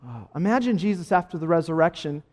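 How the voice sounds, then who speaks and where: Emphatic, high-voiced male preacher. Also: expressive, fast talker. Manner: emphatic preaching, swinging between soft asides and loud exclamations. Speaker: pastor. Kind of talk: sermon.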